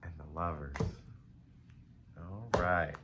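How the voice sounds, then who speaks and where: A man's voice: low voice, takes it slowly, dull audio. A middle-aged man giving a casual live tarot reading to viewers, rambling and playful, calling them baby. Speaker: tarot reader. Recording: faint ambient noise.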